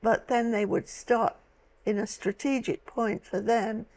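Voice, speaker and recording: A woman in her eighties from London, slowly recalling her childhood in a halting way, often restarting her sentences. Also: on the high side, steady tone, darkish tone. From London, England. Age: 80s. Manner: slow, halting recollection with many restarts. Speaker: guest. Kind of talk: personal storytelling.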